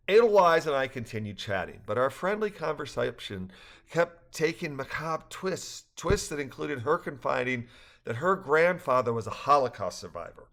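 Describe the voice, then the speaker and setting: An older man reading a personal story aloud, earnest and reflective, with occasional soft laughs. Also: mid-range voice, animated, normal speed. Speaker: narrator.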